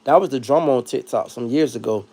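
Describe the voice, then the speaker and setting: A man's voice: mid-range voice, fast, warm tone. A man hosting a livestream, talking in a casual, profane and joking rant. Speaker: livestream host.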